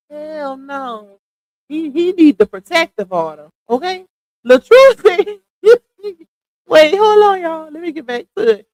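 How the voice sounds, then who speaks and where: A woman's voice: sits high, no echo, poor audio. A woman commenting casually on a livestream, chatty and laughing often as she reads posts aloud.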